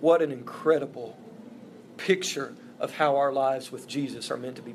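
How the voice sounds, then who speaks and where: A man's voice: mid-range voice, moderate pace, background noise. A man preaching a sermon as a pastor, earnest and emphatic, with repeated phrases for stress. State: emotional, voice breaking.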